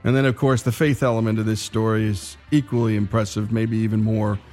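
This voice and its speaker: A man's voice: fairly low pitch, level tone, brisk, a little mellow, soft background music. Folksy male radio host. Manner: folksy, addresses listeners directly. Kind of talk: radio show segment wrap-up.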